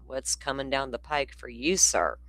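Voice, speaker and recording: A woman's voice: very deep voice, expressive, moderate pace, fairly bright tone. A woman hosting a casual livestream, talking bluntly and profanely in a rambling way while she keeps yawning. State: yawning, sleepy. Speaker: livestream host.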